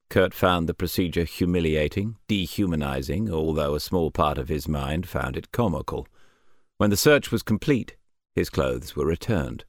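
A man reading an audiobook chapter in measured, even scripted narration. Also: sits low, no room sound, studio quality.

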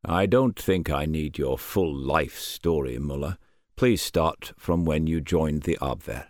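Shrewd old army colonel voiced by a man, deep dry questioning, audiobook. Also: a little slow, a little mellow, dry recording. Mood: probing. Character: shrewd rotund male British colonel in his sixties.

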